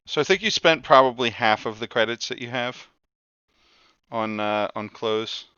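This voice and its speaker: A man's voice: medium pitch, normal speed, bright, forceful tone, smooth, dry recording, dull audio. A man running a tabletop game as game master, explaining in a rambling way and repeating words as he goes.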